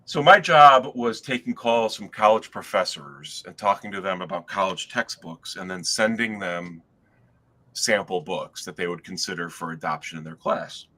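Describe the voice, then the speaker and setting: Man, low voice, bright and forceful tone, casual storytelling, stops and restarts his sentences. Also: animated, moderate pace. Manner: rambling, self-interrupting anecdote teller. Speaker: guest author.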